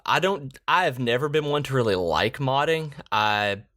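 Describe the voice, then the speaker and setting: A married man co-hosting a podcast in casual chat, telling stories with lively bursts. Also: mid-range voice, moderate pace. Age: adult, married. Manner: animated storyteller, jumps to shouts when acting out quotes. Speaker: podcast co-host.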